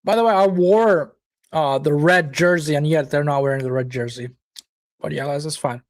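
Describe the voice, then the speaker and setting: A man's voice: a little high, moderate pace. A man hosting a live football watchalong, chatting casually, reacting to the match and viewers' comments, with occasional swearing. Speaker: watchalong host.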